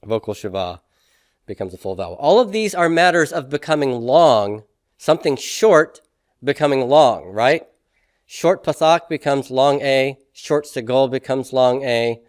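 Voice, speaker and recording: A man's voice: mid-range voice, animated, a little slow, no echo, studio quality. A man teaching a classroom lesson on grammar, explaining step by step and often checking in with "okay?" and "right?". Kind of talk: classroom lecture.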